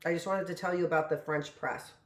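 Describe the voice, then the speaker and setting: A woman's voice: fairly low pitch, steady tone, fast talker, reverberant. A woman in her late fifties giving a rambling, chatty live lesson from her home kitchen. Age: 50s. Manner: rambling, chatty, lots of "you know". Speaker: teacher. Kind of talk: casual live-stream lesson.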